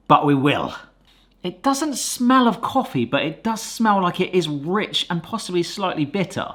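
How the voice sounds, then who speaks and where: Excitable chatty male cooking vlogger. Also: high-pitched, a little slow. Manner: chatty, excitable, exclaims often. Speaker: cooking video host. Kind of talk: casual cooking vlog.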